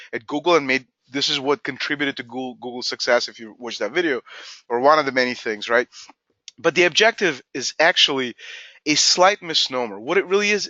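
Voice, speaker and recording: Man presenting a webinar, energetic and emphatic, bright tense voice, dry lo-fi sound. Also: mid-range voice, dry recording. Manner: energetic, emphatic, acts out quoted dialogue. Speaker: company CEO presenting a webinar.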